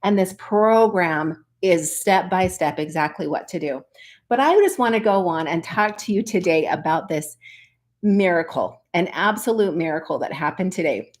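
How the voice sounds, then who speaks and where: A woman's voice: lowish voice, animated, moderate pace. A woman who coaches online business, talking to her viewers in an earnest, chatty way and often calling them "you guys". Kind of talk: casual motivational vlog talk.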